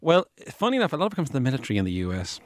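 A man with a booming voice, hosting a science podcast in a rambling, chatty way. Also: huge pitch swings, racing, no room sound. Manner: rambling, chatty, conversational with restarts. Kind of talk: casual explanatory podcast talk. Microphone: studio microphone.

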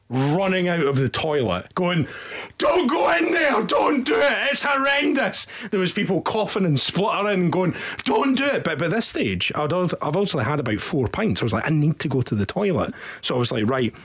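A young Scottish man co-hosting a football podcast, telling stories in a lively, animated way. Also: on the high side, slightly rough. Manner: animated storyteller with lively quoted voices. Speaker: podcast co-host. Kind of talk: casual podcast chat, storytelling.

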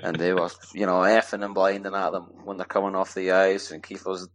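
A man with a very low, deep voice talks in an easy, meandering way. He chats as a podcast guest and leans on lots of "you know" and "sort of". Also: a little fast. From Scotland. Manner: relaxed, rambling, lots of fillers. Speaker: guest ice hockey player. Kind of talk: casual podcast interview.

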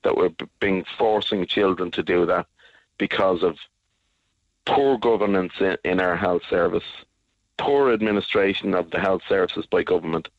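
A man's voice: deep voice, steady tone, normal speed, no room sound. A man speaking on a radio interview, angry and emphatic, repeating his points with force. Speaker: guest advocate. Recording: dull lo-fi radio sound.

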